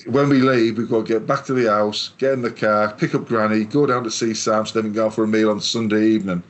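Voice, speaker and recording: An English podcast co-host with a fairly low voice talks fast in a steady tone. In casual chat he tells long, rambling stories peppered with swearing.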